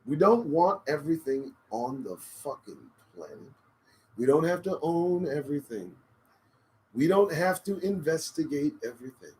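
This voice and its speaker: A man's voice: a little high, very animated, normal speed, darkish tone, poor audio. A man hosting a live-stream talk show, rambling in a profane, preachy and emphatic way into a desk condenser microphone. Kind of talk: casual live-stream monologue.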